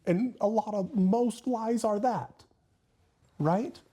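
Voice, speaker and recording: A man's voice: high voice, takes it slowly, dark tone. A man in a casual, reflective conversation, feeling his way through ideas with thoughtful, searching phrasing.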